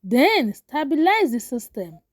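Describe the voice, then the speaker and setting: A woman voicing a calm young male finance executive who speaks in clipped, even statements. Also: sits high, measured pace, no echo, studio quality.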